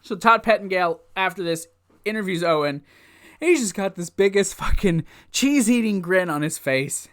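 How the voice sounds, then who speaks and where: Excitable man recapping old wrestling. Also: sits high, normal speed. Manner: excitable, laughs often, rambling asides. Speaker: wrestling show reviewer. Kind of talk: casual recap commentary.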